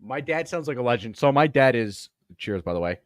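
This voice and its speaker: A man's voice: mid-range voice, expressive, brisk, dry recording, studio quality. A man from Long Island hosting a comedy podcast, telling rambling stories full of swearing. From Long Island, New York. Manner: rambling, profane storytelling. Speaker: podcast host. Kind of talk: casual comedy podcast commentary.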